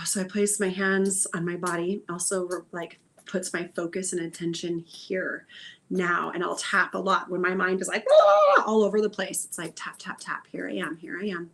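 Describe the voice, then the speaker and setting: Soft-spoken woman, sighing and whispering. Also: lowish voice, flat delivery, normal speed. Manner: soft, meandering, with frequent sighs and whispered phrases; repeats phrases meditatively. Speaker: intuitive healer hosting a livestream. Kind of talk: spiritual livestream talk.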